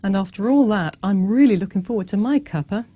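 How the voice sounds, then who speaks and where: A woman's voice: medium pitch, brisk, warm tone. A woman presenting a scripted pronunciation video, modeling phrases for learners to repeat. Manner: demonstrative, models words for repeating.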